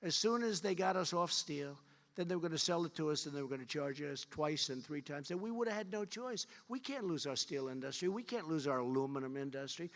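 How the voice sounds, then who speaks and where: A man's voice: on the high side, expressive, a little fast, a bit bright. Boastful man giving a rambling rally speech. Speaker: political speaker at a fundraiser. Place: large event hall. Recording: long hall reverb.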